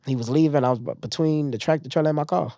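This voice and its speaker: A man's voice: fairly high pitch, very fast, no room sound. New man, casual storyteller, acts out other people's lines, dry close mic. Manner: animated retelling, acting out others' lines. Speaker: podcast guest.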